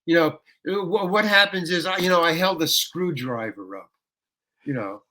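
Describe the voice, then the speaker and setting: Older man, rambling and bright-toned. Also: fairly high pitch, normal speed. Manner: rambling anecdote with restarts, bursts into ranting. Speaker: guest actor. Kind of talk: interview storytelling.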